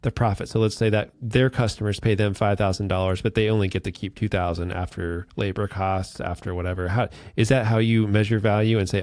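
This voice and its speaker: A podcast host with a fairly low voice works through his question out loud, restarting and building a hypothetical example as he goes. He sounds close to the mic, with a dry, unechoing sound. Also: steady tone, a little fast, few pauses, no room sound. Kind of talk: interview questions and backchannel.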